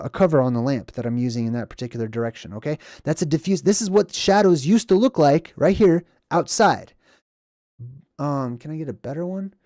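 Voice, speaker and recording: A man with a fairly high voice and a dark, mellow tone hosts a casual livestream from a lamp-lit room. He rambles and stresses his points, often repeating himself. The sound is close and dry. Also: no echo. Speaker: livestream host reading chat.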